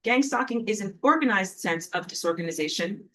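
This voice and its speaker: A woman talking alone to camera, telling a personal story and acting out quotes loudly. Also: mid-range voice, brisk. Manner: animated, acts out quotes in a raised voice. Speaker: online teacher. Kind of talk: casual monologue to camera.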